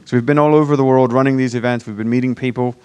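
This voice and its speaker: A man from Virginia with an accent that mixes American and British, giving a casual, self-deprecating startup pitch to a conference audience with many fillers and restarts. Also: fairly even intonation, rapid-fire, a little mellow, clear, resonant tone. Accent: mixed American and British. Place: conference room before a live audience.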